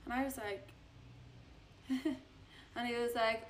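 A young Irish woman telling a gossipy story while getting ready, chatty and animated, recorded on a phone at home. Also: unhurried, long pauses. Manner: chatty, animated gossip with big pitch swings. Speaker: vlogger. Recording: echoey room.

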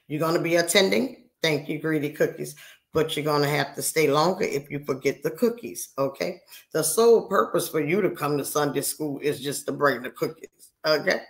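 Speaking at normal speed in a low-sitting voice, this sixties-aged livestreamer chats casually with her audience. She's brash and profane, teasing them while she tells them off, with a roomy echo around her.

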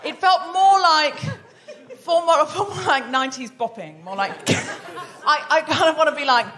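A woman's voice: sits high, unhurried, a bit bright, a faint crowd. A woman hosting a live podcast on a theatre stage, chatty and self-mocking with laughs. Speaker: host.

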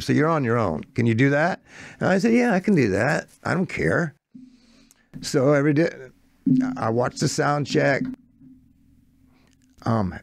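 A man's voice: mid-range voice, vocal fry, dry recording, clean studio sound. An older American man, a songwriter, telling a long anecdote in casual conversation, quoting the people in it. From United States. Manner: animated anecdote, quoting others in shifting voices. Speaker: songwriter guest. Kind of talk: casual storytelling.

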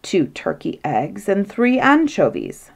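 A woman's voice: mid-range voice, huge pitch swings, takes it slowly, creaky, breathy edge, exaggerated voice. A woman voicing a pompous, quarrelsome king in a storybook reading, blustering and self-satisfied. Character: grumpy, pompous fairy-tale king, man.

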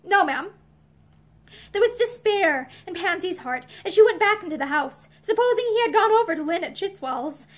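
A woman narrating a novel aloud, expressive, lifting her voice for the dialogue. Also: a little fast, hardly any pauses. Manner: expressive, heightened pitch for dialogue. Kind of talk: audiobook-style reading with character voices. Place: indoor room with bookshelves. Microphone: seated facing camera.

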